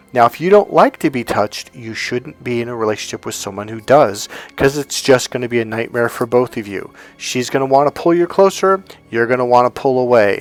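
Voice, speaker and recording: A man working as a dating coach, telling personal stories in a casual monologue and acting out the people he quotes. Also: mid-range voice. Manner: animated storyteller, acts out quotes.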